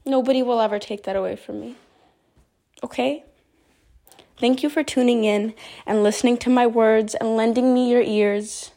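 A woman's voice: fairly high pitch, steady tone, normal speed, long pauses, warm tone. A woman recording a rambling, heartfelt voice memo, upset and talking straight to the listener, correcting herself as she goes. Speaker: voice memo host. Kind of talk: personal confessional monologue.

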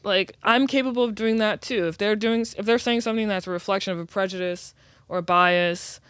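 A woman's voice: medium pitch, brisk, a bit bright, smooth, no room sound, clean studio sound. A woman guest on a podcast in casual chat, talking in a reflective, long-winded way.

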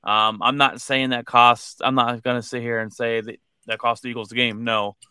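Bright-voiced man in casual sports chat. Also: mid-range voice, level tone, clear, resonant tone, no echo, studio quality. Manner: halting, many restarts and fillers; reads out listener comments. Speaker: co-host.

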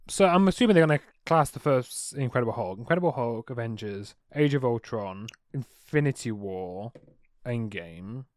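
A man on a podcast answering quiz questions with sarcastic, chatty remarks, thinking out loud. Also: mid-range voice, lively intonation, moderate pace, dry recording, studio quality. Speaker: podcast co-host, quiz contestant. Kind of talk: casual podcast chat.

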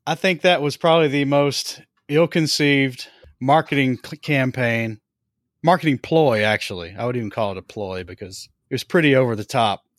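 A man's voice: mid-range voice, no room sound. Male podcast host, laid-back and conversational, mid voice, dry close recording. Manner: relaxed, unhurried, trailing off with fillers. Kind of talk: casual podcast chat.

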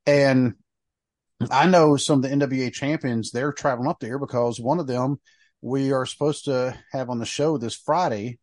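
A man's voice: medium pitch, steady tone, normal speed, darkish tone, no echo. A man hosting a wrestling podcast, talking casually with frequent fillers and restarts. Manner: rambling, fillers, trailing off. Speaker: podcast host. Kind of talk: casual chat.

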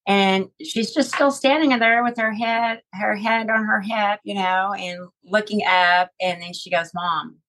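A middle-aged woman guest in an interview, retelling a personal story in a halting, emotional way with many fillers. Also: mid-range voice, fairly even intonation, fairly bright tone, rough recording. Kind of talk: conversational interview.

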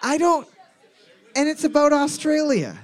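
A man with a notably high voice plays quizmaster in a loose, joking chat with a friend. He reads each question out with deliberate emphasis and often breaks into laughter between them. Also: sing-song, a faint crowd. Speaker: quiz host. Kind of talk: casual chat, reading trivia questions.

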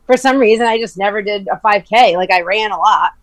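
In a dry recording, a woman from near Providence spins a running story over casual conversation, brisk and medium-pitched. She's animated, laughs a lot, and swears without holding back.

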